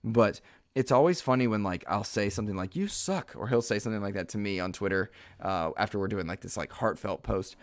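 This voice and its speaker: A man with a fairly low voice hosts his own podcast alone, speaking in an earnest, heartfelt way and stumbling over fillers and restarts. He sounds slightly emotional. His voice comes through a close mic in a dry, dead room. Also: fairly even intonation, a little fast, no room sound. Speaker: podcast host. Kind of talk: solo podcast monologue.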